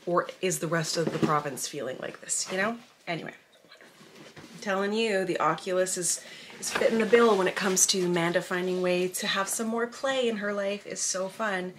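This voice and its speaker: A woman's voice: lowish voice, normal speed, background noise. A woman, a mom vlogging at home in easy casual chat that is full of "like". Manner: chatty, peppered with "like".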